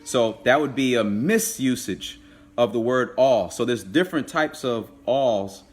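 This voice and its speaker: A man teaching a live online language class, patiently repeating and drilling words slowly. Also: medium pitch.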